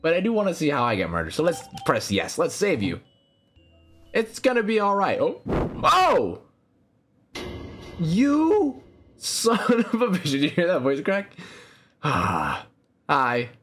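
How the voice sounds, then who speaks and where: A young man commentating a horror game, excitable and swearing, laughing often, yelping when startled, and chatting to the characters on screen. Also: a little high, normal speed, soft background music. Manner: excitable, swears, jumps to loud startled yelps. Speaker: gaming channel host. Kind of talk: let's play commentary.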